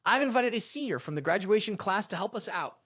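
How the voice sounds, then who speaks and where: A narrator voicing a cheerful woman magic professor addressing her students, in an expressive reading voice. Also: medium pitch, fast talker, slightly rough, dry recording, clean studio sound.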